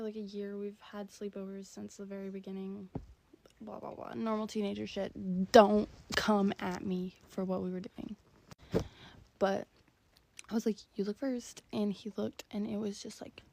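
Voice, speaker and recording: Young woman around 20 for a chatty, giggly storytime; a raspy fry runs through the voice. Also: mid-range voice, darkish tone. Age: about 20. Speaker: stay-at-home mom. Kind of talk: casual storytime.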